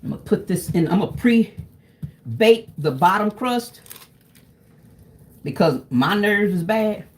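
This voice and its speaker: A woman talks straight to her viewers while she cooks at home. Her tone is easy and chatty, and she often breaks off to address "y'all" directly. Her pitch sits in an ordinary middle range. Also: animated, slow pace, pauses often. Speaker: cooking vlogger. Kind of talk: casual cooking vlog chat.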